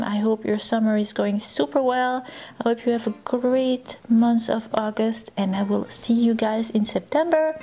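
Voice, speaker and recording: A woman hosting a crochet tutorial who talks slowly and unhurriedly. She is chatty and playful, and she treats her viewers like friends. Music plays clearly behind her voice. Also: mid-range voice, mellow. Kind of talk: casual instructional chat.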